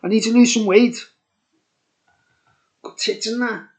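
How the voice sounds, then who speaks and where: A man's voice: high-pitched, steady tone, a little slow. A man reviewing a beer in a casual vlog, rambling and joking, sounding slightly tipsy. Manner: rambling, jokey, trails off and restarts.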